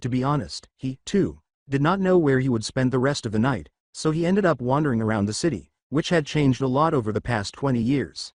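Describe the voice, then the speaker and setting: A man narrating a fan fiction story in an even storytelling manner. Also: medium pitch, no echo, studio quality.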